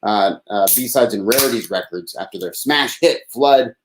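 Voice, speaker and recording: There's a noisy background behind this man, whose voice sits on the low side and moves at a moderate pace. He's hosting a live call-in show solo at his desk, rambling self-deprecatingly, sighing and swearing in a thin, slightly whiny way, recorded on an unprocessed desk microphone.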